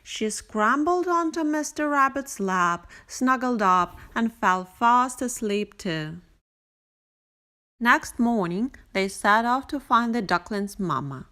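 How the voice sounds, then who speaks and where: A woman reading a bedtime picture book aloud, gentle and expressive, with sing-song repetition. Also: mid-range voice. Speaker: storyteller. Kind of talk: bedtime story read aloud.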